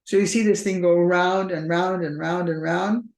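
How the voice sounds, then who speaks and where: A couples therapist speaks in a conversational interview, explaining relationship patterns and often voicing what partners say in quoted dialogue. Her voice is on the low side and darkish, with fairly even intonation and a moderate pace. The room has a noticeable echo.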